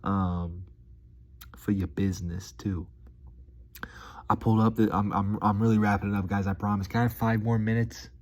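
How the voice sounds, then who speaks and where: A man's voice: on the low side, little pitch movement, normal speed, pauses often, darkish tone. A young man rambling casually to his viewers, slangy and meandering, with lots of fillers. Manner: laid-back, slangy, meandering with many fillers. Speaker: vlogger.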